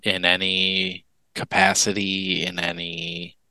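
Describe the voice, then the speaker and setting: A man who is a guest on an interview podcast, telling a personal story in an earnest, candid way with halting restarts. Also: low voice, monotone, sharp tone, clean tone, no room sound, poor audio.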